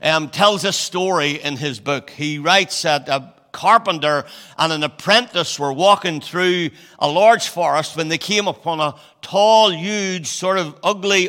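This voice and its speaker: A man in his sixties preaches in a loose, chatty, storytelling manner, often pausing on fillers and restarting his phrases. His voice sits a little high for a man and sounds bright and forceful. The sound carries a long reverb, like a church hall. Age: 60s. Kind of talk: sermon.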